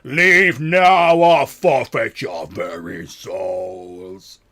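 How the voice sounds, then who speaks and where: A man voicing a menacing, territorial spirit of the moss in a tabletop game, speaking slowly and loudly in a threatening proclamation. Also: mid-range voice, steady tone, exaggerated voice. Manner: slow, loud, threatening proclamation.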